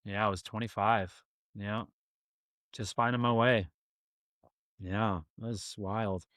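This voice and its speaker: A young man telling a story in a casual, animated way, full of slang like "man" and "dude". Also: fairly low pitch, slow, no echo, studio quality. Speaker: guest.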